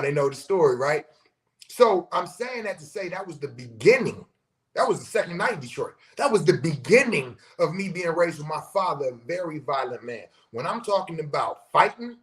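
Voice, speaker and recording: High-pitched middle-aged guy on a podcast, cussing a lot, telling street stories all animated. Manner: profane, animated storyteller who acts out quotes. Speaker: podcast host. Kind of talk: casual storytelling.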